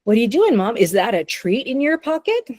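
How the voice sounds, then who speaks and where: A woman's voice: a little high, sing-song, fairly quick, a little mellow, dry recording, clean studio sound. A woman voicing a pet dog in plain, conversational speech, giving it a wry, everyday voice for what the dog is thinking. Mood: curious.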